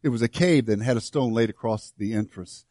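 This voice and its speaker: A man preaching a sermon to his church, swinging from hushed, slow lines to loud, fervent ones. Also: mid-range voice, no echo, studio quality. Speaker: pastor.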